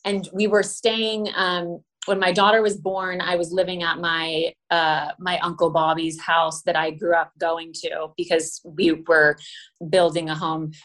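A pregnant woman from Los Angeles chatting as a guest, effusive and quick to act out what people said to her. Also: on the low side, little pitch movement, fairly bright tone. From Los Angeles, USA. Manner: effusive, acts out quoted exchanges. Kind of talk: casual chat.

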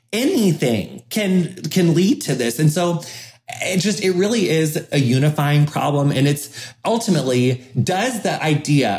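A man's voice: on the high side, a little mellow. A male podcast host talking in a slightly raised voice, loose and rambling. He restarts his sentences often and drops swear words for emphasis. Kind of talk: casual podcast conversation.

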